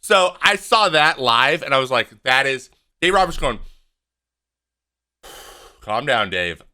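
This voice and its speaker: A man in his thirties giving animated, opinionated casual commentary over game footage, acting out what the players say. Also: on the high side, measured pace, clear, resonant tone. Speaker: podcast host and former pitcher.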